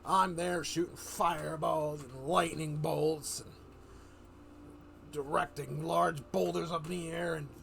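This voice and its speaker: A man streaming live, telling a fantasy adventure story in a rambling, animated way, full of fillers and restarts. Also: fairly high pitch, measured pace, gravelly, slight background noise.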